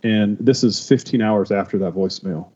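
A man tells his faith testimony as a podcast guest, stumbling and restarting as the emotion comes through. His voice is low and mellow. The recording sounds a little dull and muffled. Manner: emotional, halting, many restarts. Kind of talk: personal testimony.

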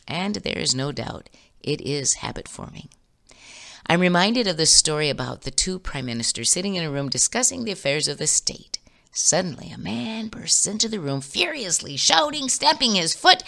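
Brief: reflective woman host, low and lively, gentle storytelling. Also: gravelly. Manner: warm, storytelling, expressive. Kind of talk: scripted reflective talk.

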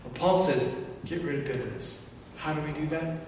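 A male pastor delivers his sermon in a casual, animated way, jumping into little acted outbursts. He is heard from a distance in a large church with a long reverb. A faint rumble runs under his voice. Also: normal speed. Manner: animated, acts out angry outbursts in quotes. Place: church sanctuary. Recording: echoey church hall from far off.

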